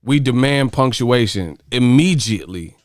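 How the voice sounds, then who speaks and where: An adult male boxing-channel host comments on his livestream chat in a casual way, cursing and laughing through his riffs. His mid-range voice is animated yet measured in pace, recorded dry at studio quality.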